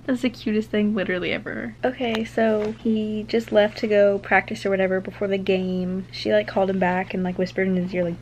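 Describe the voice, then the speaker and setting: A young woman talking casually in a reading vlog, retelling the story in an excitable, gushing way with lots of "like" and "oh my gosh". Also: medium pitch, a little fast, slight background noise, rough recording. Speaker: book vlogger.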